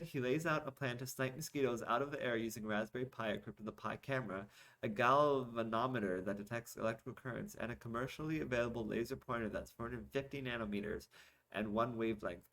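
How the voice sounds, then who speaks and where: Casual male podcast host, young adult, mid-pitched, reads articles with sarcastic commentary. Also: fairly bright tone. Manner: sarcastic asides between read-out articles. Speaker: podcast host reading news.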